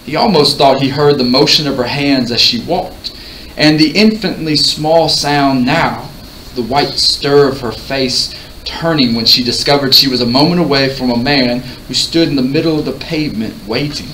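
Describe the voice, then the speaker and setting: Bright-voiced man reading a novel aloud. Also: mid-range voice, normal speed. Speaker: audiobook reader. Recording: roomy, distant mic, faint hiss.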